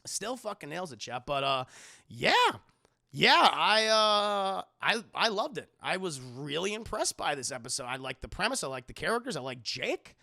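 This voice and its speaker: A young man on a live stream recaps a show for his chat, cussing freely and full of energy. His voice is bright and gravelly. His pitch swings widely. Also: normal speed, no echo, clean studio sound. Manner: profane, animated, talks to chat.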